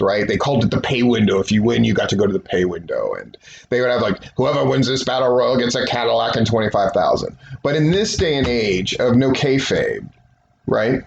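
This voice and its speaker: Sarcastic man recapping in an echoey room. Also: mid-range voice. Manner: sarcastic, rambling, jokey. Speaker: wrestling podcast host. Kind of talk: casual solo commentary. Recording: roomy, dull recording with faint hiss.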